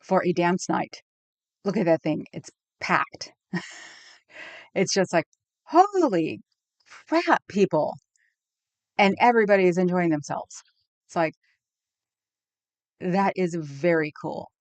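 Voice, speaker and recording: A woman's voice: fairly low pitch, steady tone, moderate pace, long pauses, a little mellow, no room sound, lo-fi sound. A woman live streamer chatting casually with her viewers in a rambling way, laughing often and reacting to the chat.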